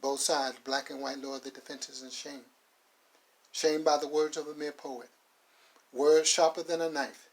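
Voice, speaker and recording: A man narrating a story in slow, measured, poetic phrases. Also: mid-range voice, rough recording.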